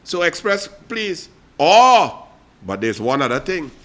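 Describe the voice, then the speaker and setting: A Trinidadian man with a high, bright voice that cuts through with force. He hosts a political talk show and rants in a sarcastic, mocking tone, speaking straight to his listeners. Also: big pitch swings, slow pace. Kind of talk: opinionated political commentary monologue.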